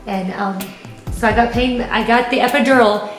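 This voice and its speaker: A woman's voice: a little high, fairly even intonation, normal speed. A young woman telling her family story in an earnest, casual way, speaking as the mother. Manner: earnest, acts out shouted voices in quotes. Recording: roomy echo with loud background music.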